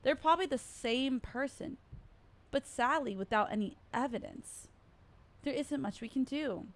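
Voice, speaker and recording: A man's voice: very high voice, moderate pace, fairly bright tone. A woman reading the lines of a polite, creepy young male police officer, reassuring and overly familiar.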